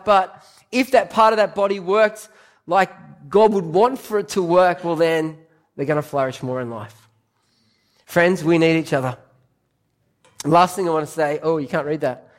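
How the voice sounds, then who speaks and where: A man's voice: sits high, normal speed. An Australian man preaching a sermon to his church, telling personal stories and repeating key phrases for emphasis. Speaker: pastor. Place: church service.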